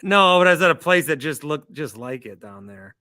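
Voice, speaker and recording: Male show host, higher bright voice, joking and teasing tone. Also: big pitch swings, brisk, dry recording, studio quality. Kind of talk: casual call-in chat.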